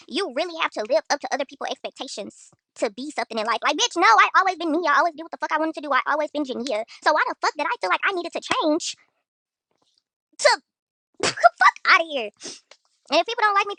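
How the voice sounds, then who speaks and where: A woman's voice: sits high, animated, very fast, hardly any pauses, sharp tone, dry recording. A young woman from Houston, ranting bluntly and profanely to viewers on her own livestream. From Houston, Texas. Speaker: influencer on a livestream. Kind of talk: casual livestream rant.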